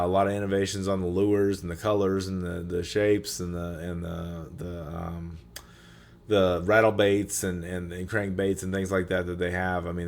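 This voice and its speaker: Deep-voiced man, rambling, losing his voice. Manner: rambling, lots of fillers and restarts. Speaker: podcast host. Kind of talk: casual solo podcast talk. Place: fishing trade show.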